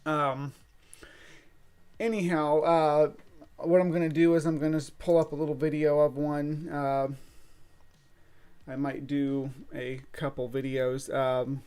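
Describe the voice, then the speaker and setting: A man hosting a casual late-night livestream from a room at home, talking in a halting, rambling way full of filler sounds. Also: on the high side, level tone, a little mellow, smooth. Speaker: streamer hosting a late-night bug stream. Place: home room set up for streaming.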